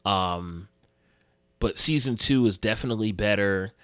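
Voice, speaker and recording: A man's voice: lowish voice, measured pace, fairly bright tone, clean tone, dry recording, clean studio sound. A man co-hosting a podcast, rambling through stories in loose, profane street slang. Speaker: podcast co-host. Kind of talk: casual podcast chat.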